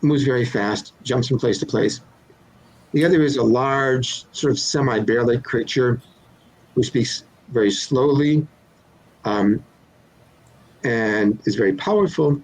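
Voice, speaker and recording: A man's voice: medium pitch, darkish tone, breathy edge, rough recording. An older man, a children's author being interviewed, explaining his craft in a thoughtful, playful way with examples. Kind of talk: relaxed interview answers.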